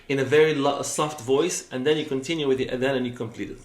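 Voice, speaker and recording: The speaker is a man with a medium-pitched voice and a steady tone who talks fast while teaching a classroom lecture on Islamic law. Step by step, he explains, checks in with "okay?", and moves back and forth between English and recited Arabic. Faint background noise sits in a roomy recording.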